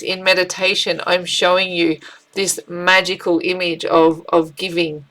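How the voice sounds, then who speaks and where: A woman's voice: fairly low pitch, measured pace, slight background noise, rough recording. Chatty woman giving a tarot reading. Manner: chatty, animated, with frequent fillers and restarts. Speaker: tarot reader. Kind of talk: casual spiritual tarot reading.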